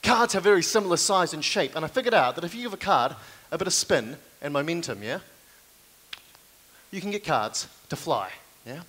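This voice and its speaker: A young man with a New Zealand accent doing live stand-up comedy on stage, with self-deprecating, deadpan asides to the audience. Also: a little high, moderate pace, breathy edge. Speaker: comedian and card manipulation performer.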